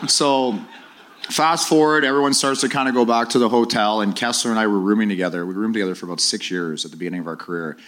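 A man's voice: on the low side, fast talker. A middle-aged man, a former hockey player, telling stories on a live podcast stage and acting out his old teammates. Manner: animated storyteller, acts out voices of teammates.

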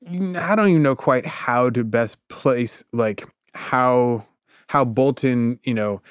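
A man in a mid-range voice tells a story in a relaxed podcast chat. He keeps the energy up and slips into quick impressions of the characters. The sound is close and dry, with no room around it. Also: mid-range voice, clean tone, no room sound. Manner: animated, acts out quotes. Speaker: podcast host.

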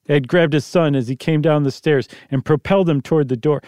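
A man's voice: on the high side, fairly quick, few pauses, a little mellow, dry recording, studio quality. A man reading a story aloud, narrating between character voices. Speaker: story reader.

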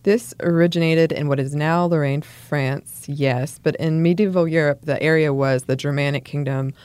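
A woman's voice: sits low, steady tone, moderate pace, a little mellow, clear, resonant tone, dry recording. A woman co-hosting a casual podcast chat, playful and laughing as she reads out old recipes. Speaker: podcast co-host.

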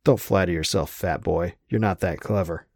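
A man voicing a scornful male whiskey bottle spirit with a baritone voice, derisive and bossy. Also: moderate pace, darkish tone, no echo, clean studio sound.

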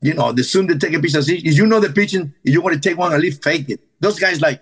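Animated husky man telling baseball stories. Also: fairly high pitch, fast, hardly any pauses, poor audio. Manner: animated, broken English with restarts. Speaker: podcast guest, former baseball manager. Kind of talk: casual storytelling.

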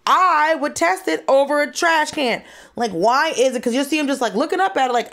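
A woman co-hosting a comedy podcast, arguing in a brash, animated way and swearing freely. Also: high voice, normal speed. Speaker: podcast co-host. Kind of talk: casual comedic debate.

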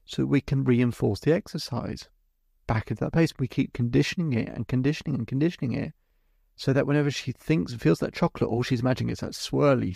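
A man's voice: medium pitch, vocal fry, a little mellow, husky, no room sound, studio quality. A man hosting a podcast as a hypnotherapist, telling a client's story in vivid detail and acting out both sides of the conversation. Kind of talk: storytelling monologue.

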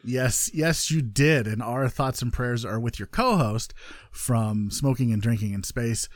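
A man's voice: mid-range voice, measured pace, no room sound, clean studio sound. A man hosting a casual gaming podcast, joking and rambling with lots of fillers. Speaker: podcast host.

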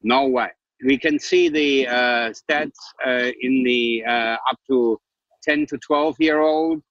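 A man's voice: mid-range voice, slow, a bit bright, dry recording. Male investor, German background, blunt and upbeat; muffled, dry call audio. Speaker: investor and panelist. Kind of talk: casual panel chat.

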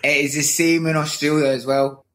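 A Scottish comedian chatting casually over a video call, rambling and self-deprecating, laughing often. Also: male voice, fairly high pitch, level tone, a little fast, a bit bright. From Scotland. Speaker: comedian guest. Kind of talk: casual chat.

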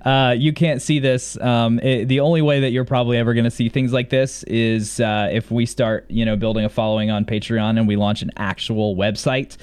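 A man's voice: mid-range voice, level tone, brisk, few pauses, a little mellow, smooth. A man co-hosting a podcast in casual recap chat, with dry, wry complaints. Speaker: podcast co-host.

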